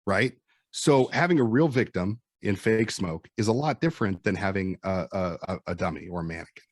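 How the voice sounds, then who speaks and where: A Midwestern American man in his forties with a lowish, husky voice tells firefighting stories in casual chat. He acts out the lines of the people he describes. The sound is dry and close. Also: fairly quick, dry recording. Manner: animated storyteller acting out quotes. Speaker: firefighter and instructor guest.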